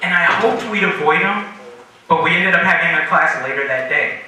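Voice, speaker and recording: A young man telling a stand-up story at a comedy graduation show, animated and acting out the voices of the people in it. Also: a little high, fairly quick. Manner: animated, acts out quoted voices. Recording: very echoey room, far from mic, noisy.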